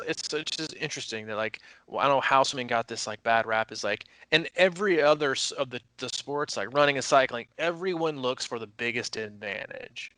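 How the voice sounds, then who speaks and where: A man's voice: mid-range voice, no room sound, poor audio. A man, a triathlon coach and podcast host, talking casually and at length, rambling with many restarts and fillers. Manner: rambling, animated, frequent restarts and "like".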